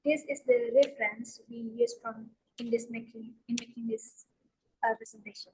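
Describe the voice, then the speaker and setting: A young woman student wrapping up a group presentation, softly and a little hesitantly. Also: a little high, little pitch movement, normal speed, slight background noise, low-quality recording. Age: young adult. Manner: soft, hesitant wrap-up. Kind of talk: closing a class presentation.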